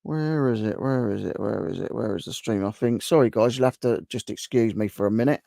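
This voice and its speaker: Chatty man with a gravelly voice. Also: fairly low pitch, brisk, warm tone, no room sound, clean studio sound. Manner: chatty, reacts to viewers' guesses. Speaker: live stream host. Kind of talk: casual chat reading out viewer comments.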